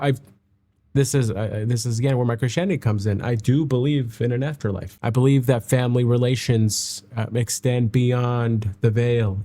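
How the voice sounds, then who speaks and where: A man hosting a music reaction, talking in a reflective, halting and heartfelt way, emotional and near tears. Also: mid-range voice, dark tone. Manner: halting and heartfelt, with many restarts. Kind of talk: reflective casual reaction commentary.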